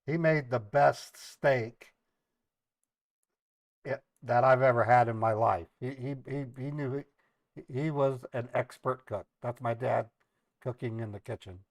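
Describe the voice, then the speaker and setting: A man's voice: mid-range voice, measured pace, no room sound. Man, middle-aged, livestreamer, casual storytelling, rambling, dry recording. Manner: rambling, repeats words, laughs at own jokes. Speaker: live streamer and scambaiter.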